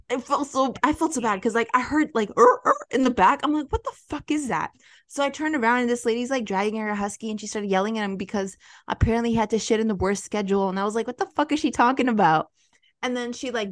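A young woman from Chicago co-hosting a podcast in casual chat, telling stories with lots of energy, cursing freely and acting out the people she quotes. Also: medium pitch. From Chicago area. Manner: animated storyteller, swears freely, acts out quoted people. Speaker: podcast co-host. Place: apartment near a window.

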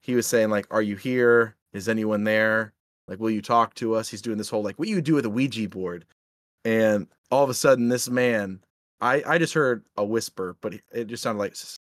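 A young man co-hosting a podcast, casually telling animated ghost stories and swearing freely. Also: on the low side, normal speed, no echo, studio quality. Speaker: podcast co-host.

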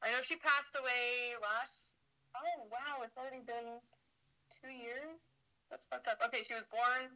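A young woman co-hosting a casual podcast, chatty and quick to laugh. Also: a little high, sharp tone, rough recording. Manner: laughs easily, slow and chatty. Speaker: podcast co-host. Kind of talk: casual chat.

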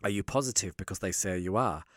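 A man's voice: deep voice, fast, dry recording, clean studio sound. A man telling a candid story in casual chat, acting out the dialogue of the people in it. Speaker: guest storyteller.

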